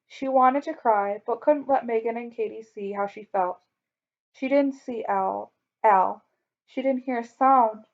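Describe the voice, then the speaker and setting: A woman reading a children's story aloud in a clear, expressive way. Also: on the high side. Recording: dull lo-fi recording.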